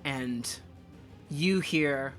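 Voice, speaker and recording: A man narrating as game master of a tabletop game, animated and quick to laugh, with dramatic narration. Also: mid-range voice, faint music behind.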